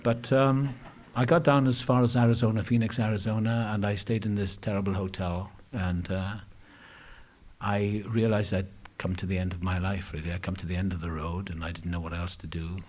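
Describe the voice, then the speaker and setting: A man's voice: sits low, flat delivery, moderate pace, a little mellow. A man telling his recovery story at a meeting, candid and reflective, with frequent hesitations. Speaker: AA speaker. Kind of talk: personal recovery talk. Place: meeting room.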